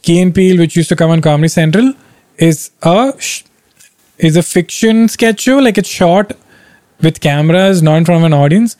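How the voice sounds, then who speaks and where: A young man talks in a slightly high voice, recorded dry and close with no room sound. He chats casually as a stand-up comedian answering viewer comments, animated and blunt, swearing freely and laughing often. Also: moderate pace, no echo. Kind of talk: casual livestream chat.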